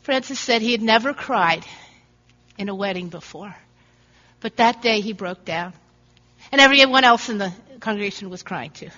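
A woman's voice: mid-range voice, normal speed, pauses often, pushed and bright. A woman preacher giving a sermon in an earnest storytelling way, acting out the voices in her stories. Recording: dull recording in a reverberant hall.

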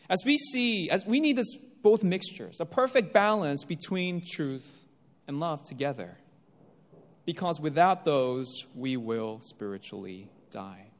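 Male pastor, lively swinging pitch, fairly high voice, emphatic sermon, long hall reverb. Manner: emphatic, rises and drops for effect.

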